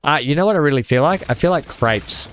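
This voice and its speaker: This Australian man's voice runs on the high side, brisk and expressive with a slightly bright edge, plus a touch of hiss or hum on the recording. He hosts a live game stream, chatting casually and laughing at his own jokes with viewers.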